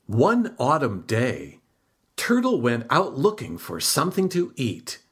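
A woman reading a children's folk tale aloud, slow and expressive, her pitch swooping on key words. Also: breathy edge. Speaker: storyteller. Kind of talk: storybook read-aloud.

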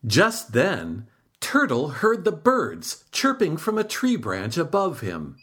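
Slow, lively storybook narrator, female. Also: breathy edge. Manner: slow, expressive, with pitch swooping on key words. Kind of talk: storybook read-aloud.

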